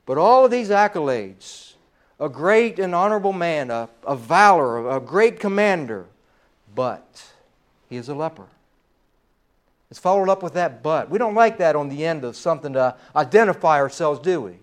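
High-voiced man preaching a sermon. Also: very animated. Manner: preaching with rising emphasis and trailing pauses. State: slightly hoarse. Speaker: pastor.

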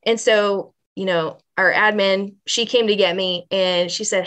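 A woman guest on a podcast, telling an emotional personal story in an earnest, animated way, full of "like" and "you know.". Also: medium pitch, normal speed, hardly any pauses. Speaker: pregnancy center manager, podcast guest.

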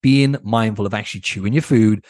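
A man's voice: lowish voice, a little fast, darkish tone, no echo, clean studio sound. Blunt casual man hosting a podcast. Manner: blunt, casual, keeps asking "right?", swears. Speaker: podcast host and coach. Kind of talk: solo podcast advice talk.

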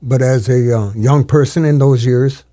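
Older male storyteller, earnest and halting. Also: medium pitch, fairly even intonation, warm tone, no echo. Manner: earnest, halting, with many restarts. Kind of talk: reflective interview talk.

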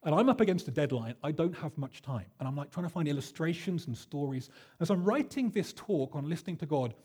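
Husky man preaching a sermon. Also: a little high, animated, a little fast, a little mellow. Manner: chatty, self-deprecating storyteller with many fillers. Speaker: pastor. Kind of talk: sermon with personal story.

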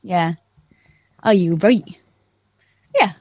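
A woman's voice: on the low side, extremely slow, slightly rough, dry recording. A young woman from Norfolk with a Norfolk accent, chatting casually on a podcast and laughing often. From Norfolk, England. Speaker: radio presenter guest. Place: caravan.

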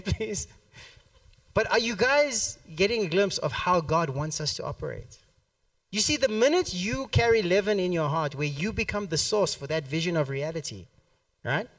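A man with a high voice preaches a sermon at a church service, telling a story animatedly, acting out the quotes and laughing often. The recording is dry, with a distant mic.

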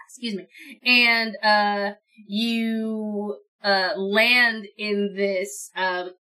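A woman narrating as dungeon master, rambling and halting, full of fillers and small laughs. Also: medium pitch, fairly even intonation, bright, forceful tone. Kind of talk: narrating a tabletop game.

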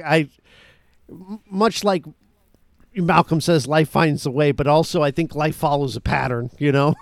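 Wisecracking male podcast co-host, somewhat high voice. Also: dry recording, studio quality. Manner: joking, quick asides. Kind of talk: casual chat.

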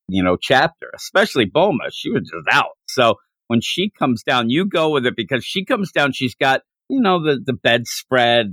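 A man hosting a podcast, recapping a comic chapter in casual chat with a rambling, animated way of telling it. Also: medium pitch, no echo. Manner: rambling, animated retelling with frequent restarts. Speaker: podcast host.

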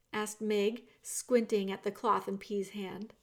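A woman reading a children's book aloud, narrating it in a calm storytelling manner. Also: mid-range voice, slow.

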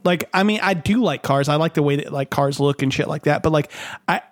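Rambling higher-voiced man, dry sound. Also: brisk, no echo. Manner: rambling, full of fillers and swearing. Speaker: podcast co-host. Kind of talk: casual gaming chat.

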